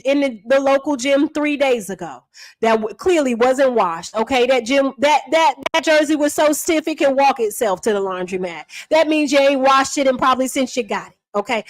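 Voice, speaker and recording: A woman delivering a sassy, mocking roast, taunting with repeated refrains and drawn-out emphasis. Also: sits high, dry recording. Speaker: online commentator.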